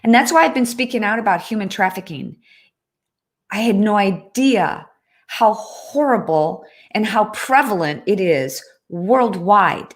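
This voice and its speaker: This livestream host has a medium-pitched, expressive voice and talks a little slowly. She keeps things casual and earnest, reading viewer comments aloud and frequently stopping to restart.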